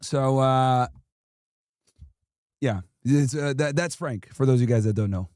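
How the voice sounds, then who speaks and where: A man's voice: mid-range voice, a little slow, long pauses, a little mellow, dry recording, clean studio sound. A man hosting a livestream in a casual chat style, talking brashly and profanely with lots of rhetorical questions. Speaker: livestream host.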